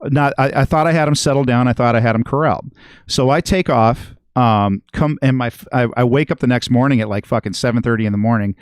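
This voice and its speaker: A man's voice: mid-range voice, fast talker, smooth, no room sound, studio quality. A middle-aged man telling a long story on a podcast, rambling and swearing constantly. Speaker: guest musician and regular.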